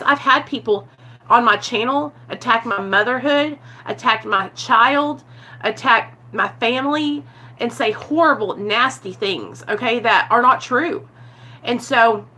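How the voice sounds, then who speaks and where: In an unhurried, fairly high voice that is pushed, bright and slightly rough, a woman vlogger talks with her live-stream viewers about recovery. Her tone is earnest and confessional, she often says "you guys," and she responds to chat comments as they appear.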